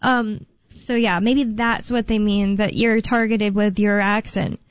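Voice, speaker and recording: A woman's voice: mid-range voice, little pitch movement, a little slow, smooth, dry recording, highs cut off. A young woman co-hosting a talk radio show, chatting casually with lots of fillers and restarts. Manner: rambling, filler-heavy, self-correcting. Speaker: radio co-host.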